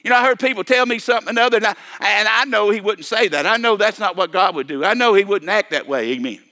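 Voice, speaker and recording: A man's voice: high voice, fast talker, bright, forceful tone. An older man preaching a sermon, repeating and restarting his phrases and calling for amens. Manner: repetitive, stammering restarts, calls for amen.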